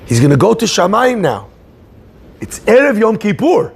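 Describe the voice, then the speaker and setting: A man giving an animated storytelling sermon, acting out the people in his story. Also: high voice, unhurried, vocal fry, pauses often, a little hiss or hum. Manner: animated storyteller, acts out shouting voices. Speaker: rabbi giving a talk.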